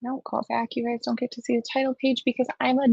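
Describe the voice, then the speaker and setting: A woman's voice: on the high side, flat delivery, fast talker, creaky, darkish tone, husky, no room sound, highs cut off. A woman hosting a true-crime livestream, chatting casually and reading aloud, close to tears and poking fun at herself. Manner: chatty, self-deprecating, emotional while reading. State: near tears.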